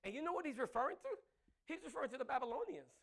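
A man's voice: extremely high pitch, expressive, racing, vocal fry, a bit bright. A middle-aged man preaching a sermon, joking with the crowd, laughing often and repeating his words.

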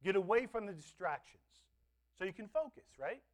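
A male pastor preaching a sermon, swinging between loud emphatic words and soft, quiet asides. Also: high voice, animated, a little fast. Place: church.

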